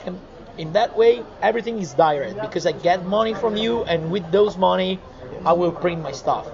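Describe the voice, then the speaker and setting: A man with a fairly high voice tells stories with lively energy, stumbling and restarting as he goes. The recording is muffled and slightly dull, with a loud crowd murmuring behind him. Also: normal speed, vocal fry. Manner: animated storyteller, many restarts and repeated words. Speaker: comic artist guest. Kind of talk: casual interview.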